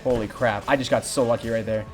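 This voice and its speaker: Fast-talking young man streaming a game. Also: mid-range voice. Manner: fast, excitable, reads chat aloud and greets viewers. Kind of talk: live gameplay commentary. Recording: music playing behind.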